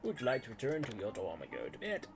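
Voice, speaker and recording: A man's voice: medium pitch, wildly swooping pitch, quick pace, vocal fry, over music. A man streaming a video game, reading its dialogue aloud and joking in varied voices.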